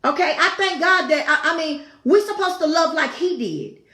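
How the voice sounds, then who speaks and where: A woman's voice: sits high, expressive, moderate pace, sharp tone. A woman hosting a talk show, giving a fervent, preaching-style devotional talk with repeated phrases and exclaimed asides. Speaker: talk show host teaching scripture. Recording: echoey room.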